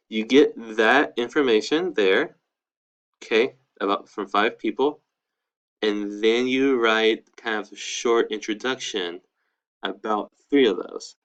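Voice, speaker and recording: A young man in his twenties gives a relaxed online language lesson and keeps saying "all right, cool" between points. His voice sits on the low side. The recording sounds slightly dull and lo-fi. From United States. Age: 20s. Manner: casual, upbeat, peppered with "all right, cool". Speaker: Spanish teacher.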